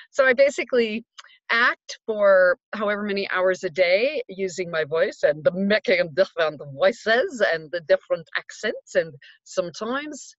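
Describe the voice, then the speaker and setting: A woman's voice: medium pitch, a bit bright, no room sound, highs cut off. A middle-aged woman telling a casual personal story from her home recording booth, upbeat and chatty with many fillers. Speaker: audiobook narrator and life coach.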